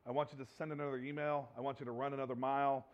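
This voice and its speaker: A man's voice: medium pitch, flat delivery, rapid-fire. Impassioned male pastor preaching, lo-fi. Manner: impassioned, swings from hushed to loud. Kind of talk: sermon.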